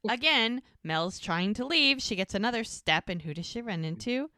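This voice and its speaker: A woman co-hosting a podcast, retelling scenes in casual chat and acting out the characters' lines in quick, lively voices. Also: medium pitch, no echo, clean studio sound. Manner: animated retelling, jumps between quoted voices. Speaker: podcast co-host.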